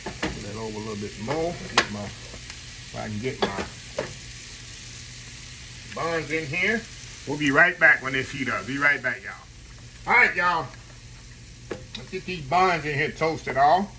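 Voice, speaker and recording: Over the loud sizzle of a frying skillet, a man hosting a home cooking vlog rambles casually to his audience, repeatedly saying "y'all" as he cooks at the stove. His mid-range voice is a little slow, with long pauses. A tripod-mounted camera picks him up, along with background noise.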